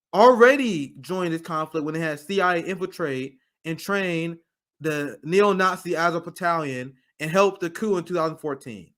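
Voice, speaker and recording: Heated, high-voiced male political commentator. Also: pushed and bright. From United States. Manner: heated, blunt, swears freely.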